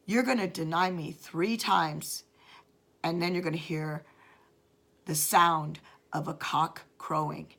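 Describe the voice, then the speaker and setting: A woman's voice: deep voice, steady tone, slow pace, creaky, pauses often, a bit bright, pitched below the performer's own voice, heavily acted. A woman voicing a solemn prophetic teacher. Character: calm prophetic teacher, adult man, solemn.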